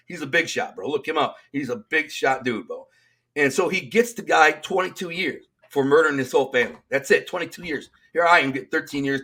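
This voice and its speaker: A middle-aged man with a Detroit accent, a guest in an interview, telling stories in a streetwise, animated way and acting out the lines of people he quotes. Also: mid-range voice. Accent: Detroit, Michigan. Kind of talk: storytelling in casual interview.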